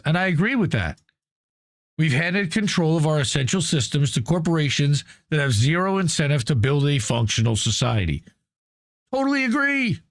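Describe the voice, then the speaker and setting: A man with a fairly high voice hosts a news talk show, reading an article aloud and then commenting on it in a casual, profane, conversational way. The sound is clean studio quality with no echo.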